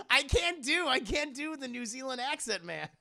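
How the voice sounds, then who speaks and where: A man hosting a livestream in a casual, excitable way, swearing freely and laughing often. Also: very high voice, a little slow, gravelly, no room sound, clean studio sound. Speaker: livestream host.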